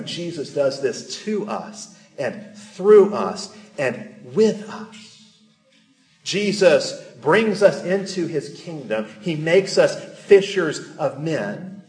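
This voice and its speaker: A man's voice: a little high, roomy sound. A male pastor delivering a sermon in a church, earnest and emphatic, pressing his points with rising emphasis. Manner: earnest preaching with emphatic rises.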